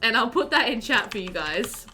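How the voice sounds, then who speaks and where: A woman's voice: on the high side, expressive, normal speed, pushed and bright. A woman with an Australian accent, live-streaming a game at home and chatting in a rambling way, full of fillers. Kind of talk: casual chat while live-streaming a game.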